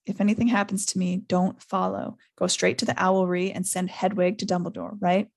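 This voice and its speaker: A woman's voice: lowish voice, little pitch movement, normal speed, gravelly, a little mellow. A woman voicing a brave young boy wizard, speaking earnestly and urgently.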